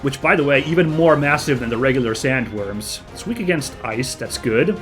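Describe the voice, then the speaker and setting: A man hosting a let's play, chatting casually and reacting out loud to the action as he plays. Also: mid-range voice, normal speed, hardly any pauses, faint music behind. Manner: chatty, excitable, reacts aloud to gameplay. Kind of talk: casual gameplay commentary.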